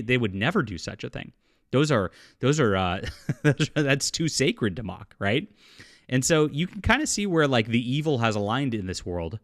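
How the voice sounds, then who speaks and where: A man hosting a solo opinion commentary, indignant and sarcastic, often restarting his sentences and filling pauses. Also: mid-range voice, a bit bright, no room sound, clean studio sound. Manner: indignant and sarcastic, with frequent fillers and repeated restarts. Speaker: political commentary host.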